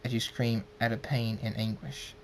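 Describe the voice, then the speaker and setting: A man's voice: mid-range voice, fairly even intonation, normal speed, slight background noise, lightly acted, poor audio. A man voicing Project Seven, a cruel female pony villain, in a cold taunting tone close to his own voice.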